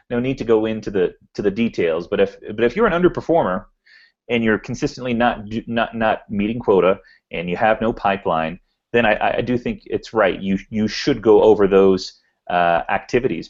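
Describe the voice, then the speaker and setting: Male podcast host, lowish voice, hesitant and repetitive delivery, muffled lo-fi audio. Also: a little mellow. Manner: halting, repeats words while thinking aloud. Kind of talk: podcast interview chat.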